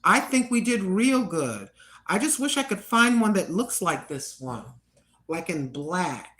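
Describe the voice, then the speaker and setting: A woman's voice: fairly low pitch, very animated, unhurried, fairly bright tone, poor audio. An older American woman chatting casually and rambling to her viewers at home. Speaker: vlogger. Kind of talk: casual chat.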